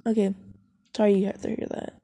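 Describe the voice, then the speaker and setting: Her delivery is quick and flat, a dark, mid-range voice with vocal fry and a slight hiss or hum on the recording. A female vlogger browsing online, she rambles, giggles, curses freely and stops herself mid-thought. Music plays faintly.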